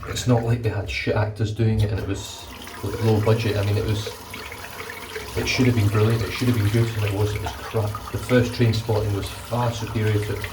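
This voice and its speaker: A vlogger with a lower voice rambles casually about his reading, swearing as he goes, in a brisk delivery with little pitch movement. He's a bit far from the mic, the hard bathroom walls lend a hollow echo, and running tap water and background noise are clearly audible.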